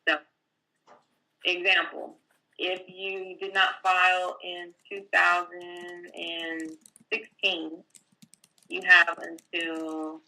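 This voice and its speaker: A woman's voice: fairly low pitch, creaky, sharp tone, poor audio. A woman tax professional, a guest, explaining filing rules step by step in a plainspoken, casual way, with fillers. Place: California.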